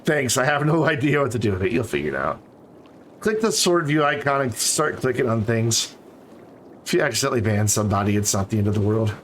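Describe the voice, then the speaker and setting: A man's voice: mid-range voice, expressive, a little fast, a bit bright, slight background noise. A man streaming a game, chatting casually and rambling to his viewers. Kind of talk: casual live-stream chat.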